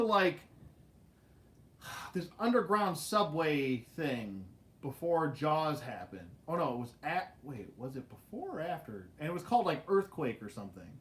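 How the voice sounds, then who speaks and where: A man hosting a casual livestream, telling stories in an animated way with laughs and swearing. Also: a little high. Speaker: livestream host. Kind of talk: casual storytelling chat.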